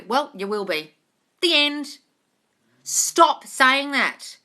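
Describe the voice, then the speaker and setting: Bright, blunt, swearing woman coach. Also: high voice, expressive, extremely slow. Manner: blunt, profane and emphatic. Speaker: manifestation coach hosting a live Q&A. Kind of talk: livestream question-and-answer.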